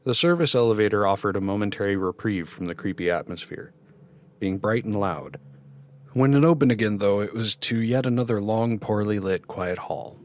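Low-voiced man narrating a story. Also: normal speed. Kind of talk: scripted narration.

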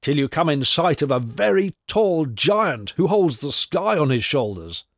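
A man's voice: a little high, very animated, unhurried, no echo, studio quality, pitched above the performer's own voice, exaggerated voice. A man voicing the cornered old sea spirit. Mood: grudging. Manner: breathless, pleading then grudging. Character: ancient shape-shifting male sea spirit, cornered.

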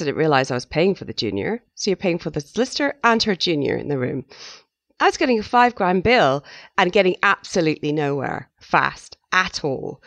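A middle-aged woman, a journalist, speaking frankly as a guest in an interview, telling her story with lively quoted asides. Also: lowish voice, no echo. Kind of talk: candid interview conversation.

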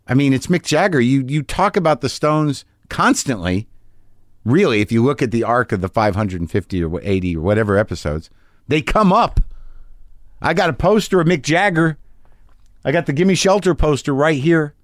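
A man talks in an ordinary, mid-range voice, rambling and profane as he tells an excited story. The sound is close and dry, with no room around it. He is the host, recording in his home garage studio. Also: mid-range voice, normal speed, no room sound. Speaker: podcast host. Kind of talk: casual storytelling monologue.

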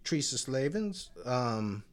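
A man's voice: medium pitch, big pitch swings, slow pace. A man co-hosting a podcast in casual banter, teasing and joking, with frequent ums. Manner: jokey, teasing, hesitant with many ums. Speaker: podcast co-host.

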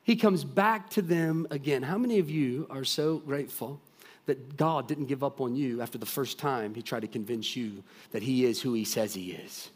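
A man preaching a sermon, retelling a story with lively acted-out voices and dropping to quiet, earnest intensity. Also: mid-range voice, normal speed, slightly rough. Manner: animated storytelling, acting out voices of characters; drops to soft, quiet intensity.

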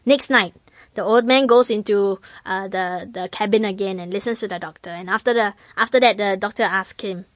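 A woman's voice: mid-range voice, moderate pace, no echo. A woman, chatting casually and acting out voices as she tells a story. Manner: animated storyteller, acts out voices, laughs often. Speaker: guest sharing stories. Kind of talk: casual chat.

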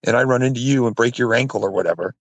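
A man's voice: medium pitch, very fast, creaky, husky, no echo. A man co-hosting a podcast, telling a story in laid-back casual chat and swearing now and then. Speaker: podcast co-host.

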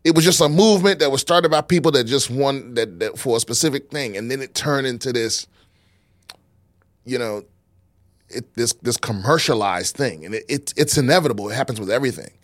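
A man's voice: mid-range voice, fairly quick, no echo. A man co-hosting a podcast in casual chat, loose and profane, rambling through his points. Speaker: podcast co-host.

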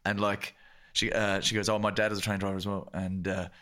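A man's voice: fairly low pitch, level tone, brisk, bright, forceful tone. A man co-hosting a comedy podcast, teasing the others and telling stories. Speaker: podcast co-host. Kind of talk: casual comedy podcast chat.

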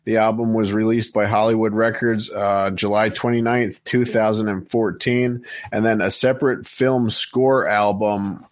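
A male podcast host with a low voice, recorded dry and close. He reads through lists of songs steadily, dropping in casual fillers as he goes. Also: unhurried, hardly any pauses, dry recording. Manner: steady, list-reading with many fillers. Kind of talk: casual chat, reading out lists.

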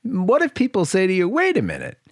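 A man hosting a podcast, asking his guest questions in a measured way. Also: high voice, wildly swooping pitch, vocal fry, dry recording, studio quality. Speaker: podcast host, interviewer. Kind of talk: interview questions.

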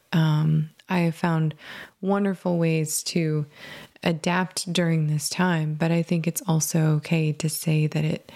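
A woman in her thirties with a fairly low voice opens a meditation podcast with easy, meandering chat. She sounds gentle and reflective, and her voice is a touch scratchy from seasonal allergies. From Michigan, USA. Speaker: podcast host. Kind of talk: casual meditation podcast intro.

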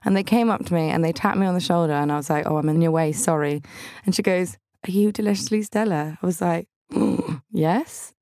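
A woman's voice: fairly low pitch, vocal fry, darkish tone, no echo, studio quality. A young woman hosting a podcast, telling funny stories about her week in a bubbly, self-deprecating way. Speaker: podcast host. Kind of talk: chatty comic monologue.

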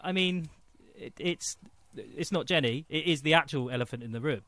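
A man's voice: on the high side, normal speed. A man hosting a podcast in casual chat, teasing his co-hosts. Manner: teasing, animated. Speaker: podcast host.

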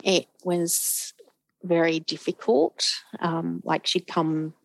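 A woman's voice: on the low side, steady tone, slow, poor audio. A middle-aged woman, a guest telling her own story, acting out the voices of the people in it. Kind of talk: emotional personal storytelling.

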